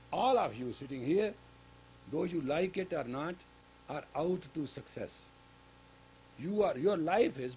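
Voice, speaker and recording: Emphatic male spiritual teacher, fairly high. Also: slight background noise, poor audio. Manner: emphatic, with sudden loud rises on key words. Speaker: spiritual teacher lecturing a congregation. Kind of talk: sermon-style lecture. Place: gurdwara.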